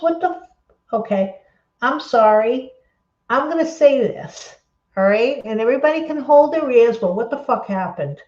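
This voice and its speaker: A woman with a fairly high voice chats loosely while crafting at home, rambling, excitable and quick to apologize. Her voice carries the roomy echo of the space, and the sound is dull and lo-fi. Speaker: crafting livestream host. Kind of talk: casual chat while crafting and reading viewer comments.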